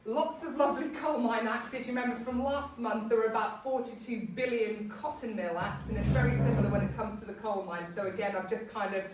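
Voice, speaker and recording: A woman's voice: on the high side, fairly quick, few pauses, recorded from a distance. A woman in a casual local history talk, chatty, self-deprecating and full of ums. She stands off-mic in a very echoey room with faint hiss behind her. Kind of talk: casual public talk to a small group.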